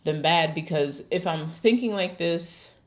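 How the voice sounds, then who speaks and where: A woman's voice: lowish voice, measured pace. A woman hosting a casual, candid monologue, full of fillers and the odd swear word. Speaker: host.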